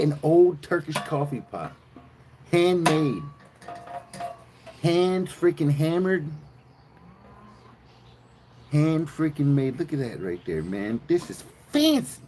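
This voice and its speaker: A man from South Mississippi with a Southern American accent, chatting excitably with viewers on a live stream and swearing freely. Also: on the high side, a little hiss or hum. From South Mississippi, USA.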